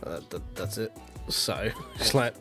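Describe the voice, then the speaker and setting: A man's voice: fairly low pitch, measured pace, sharp tone, faint music behind. A millennial man, ranting bluntly and swearing freely in casual stream chat. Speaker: sim racing streamer.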